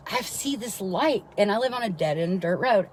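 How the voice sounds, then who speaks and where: On a low-quality recording with a little background noise, a woman speaks at a moderate pace in a medium pitch with lively intonation. She's a mother rambling through a lengthy personal story on stream, cursing frequently and repeatedly asking her listeners "right?"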